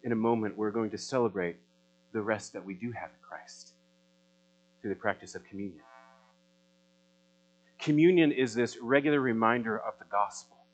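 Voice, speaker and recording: A man preaching a sermon, swinging from loud, rising appeals to quiet, searching questions. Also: lowish voice, moderate pace, long pauses, rough recording. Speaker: pastor.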